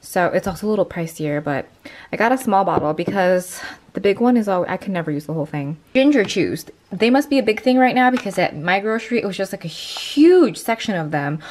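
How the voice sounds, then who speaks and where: A woman's voice: mid-range voice, expressive, brisk, darkish tone. A woman talking to her viewers in a casual vlog, chatty and full of "like" and "um". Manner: chatty, many "like"s and "um"s. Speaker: beauty and lifestyle vlogger. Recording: noisy background.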